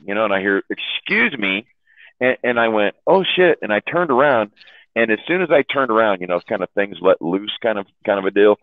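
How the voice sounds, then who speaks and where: A man's voice: on the low side, dry recording. A man casually telling long rambling stories to a chat room, stumbling over and repeating his words and laughing often. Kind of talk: casual storytelling. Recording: tinny phone-like line, dry.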